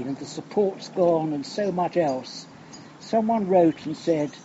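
Older male preacher, unhurried and reflective, hushed on key lines; dull recording, noise behind. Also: a little high. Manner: slow, reflective, drops to a hush on key phrases. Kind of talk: sermon. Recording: muffled recording with background noise.

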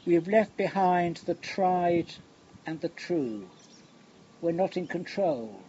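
A man, older, preaching a sermon in a slow, reflective way, letting phrases fall quiet and hushed. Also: high voice, lively intonation. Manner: slow, reflective, with long pauses and hushed endings. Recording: dull lo-fi recording with faint outdoor noise.

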